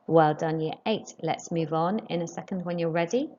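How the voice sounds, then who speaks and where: A woman teaching a French lesson, modelling phrases slowly and clearly for pupils to repeat. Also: fairly low pitch, darkish tone, lo-fi sound, slight background noise. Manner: slow, clearly modelled French pronunciation with rising questions. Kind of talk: recorded classroom lesson.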